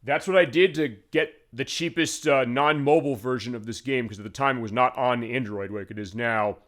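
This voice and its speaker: A man's voice: medium pitch, brisk, fairly bright tone. A man hosting a retro game show, explaining in a rambling voice-over full of fillers. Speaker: game stream host.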